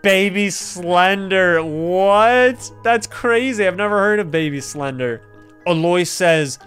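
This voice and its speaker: A young man playing a game on his channel, reading dialogue aloud and reacting with excited commentary to viewers. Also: high-pitched, a little slow, smooth, faint music behind. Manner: excitable, gasping, laughing, addresses viewers as you guys. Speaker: gaming YouTuber.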